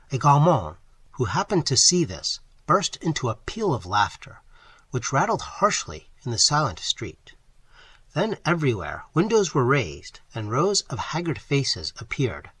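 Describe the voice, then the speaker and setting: A man narrating an audiobook in an expressive, dramatic reading style. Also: mid-range voice, husky, no echo.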